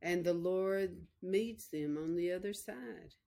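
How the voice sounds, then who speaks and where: A woman's voice: on the low side, slow, gravelly, mellow. A woman preacher, telling a personal story in a folksy, emotional way during a sermon.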